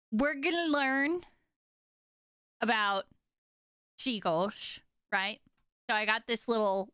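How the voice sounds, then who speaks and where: A young woman streaming casually to her chat, telling stories in an animated, exaggerated way with lots of "like" and "okay?". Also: medium pitch, clean tone, dry recording, studio quality.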